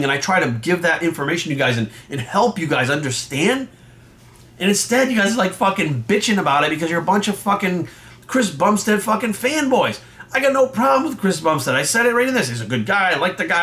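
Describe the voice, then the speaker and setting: A man's voice: high-pitched, a bit bright. A man who coaches and judges bodybuilding, delivering a heated, profane, confrontational rant to his viewers. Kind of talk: profane ranting vlog monologue.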